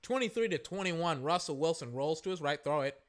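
A man with a slightly high voice talks a little fast as he reacts live to a football game, rambling casually and calling out plays with excitement as they happen.

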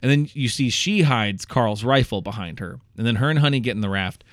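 A man co-hosting a casual movie review chat, animated and jokey, who sometimes breaks into shouted whoops. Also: medium pitch, fairly quick, no echo, clean studio sound. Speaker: podcast co-host.

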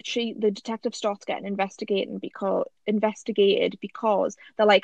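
A woman's voice: medium pitch, little pitch movement, normal speed, vocal fry, few pauses, a little mellow, no room sound, lo-fi sound. A woman, co-hosting a podcast and chatting casually, retelling a story with eager restarts. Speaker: podcast co-host. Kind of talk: casual chat.

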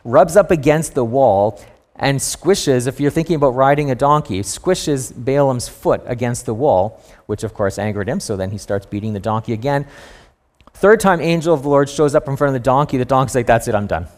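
A man preaching a sermon to a congregation, telling a Bible story in a lively, storytelling way with playful asides. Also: medium pitch, normal speed. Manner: storytelling, animated with voiced asides.

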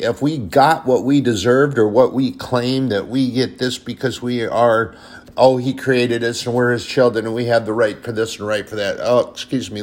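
A man with a fairly low voice preaches an informal sermon, earnest and plain-spoken. He moves between easy conversational asides and firm, scolding warnings, over a faint background hiss.

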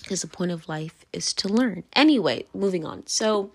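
A woman's voice: medium pitch, expressive, moderate pace, darkish tone, a little hiss or hum. A tipsy woman hosting her own podcast, rambling loosely in a casual monologue and breaking off with "anyway, moving on" as she laughs and slips into whispers. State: tipsy, drunk. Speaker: podcast host.

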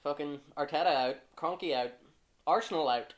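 A man's voice: on the high side, normal speed. Casual football podcast man. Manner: relaxed, lots of fillers, swears when annoyed. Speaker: podcast host.

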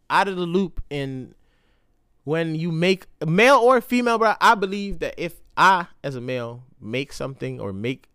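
Animated slangy young man podcasting. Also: clear, resonant tone, no room sound, studio quality. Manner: slangy, animated, jumps into loud high voices when acting out others. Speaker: podcast host. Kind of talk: casual solo podcast monologue. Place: indoor room.

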